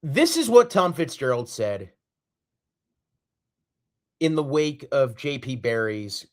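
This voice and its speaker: A man's voice: medium pitch, very animated, takes it slowly. A man hosting a solo sports podcast, ranting in an exasperated, repetitive and emphatic way. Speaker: podcast host.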